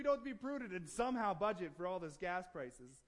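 A man preaching a sermon to his church, moving from relaxed, joking conversation to emphatic, building declarations. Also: high voice, a little fast. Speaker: pastor.

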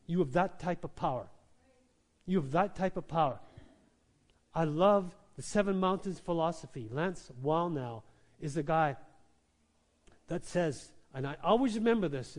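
A male pastor preaching a sermon, who swings between quiet questions and loud, emphatic lines and keeps calling out "Amen?". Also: sits high. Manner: repeats lines, calls out "Amen?" to the congregation.

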